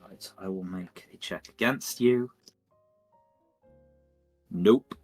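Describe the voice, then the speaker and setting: Slow, low-voiced man running a tabletop game. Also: husky, soft background music. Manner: measured, descriptive, thinking aloud. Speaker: dungeon master.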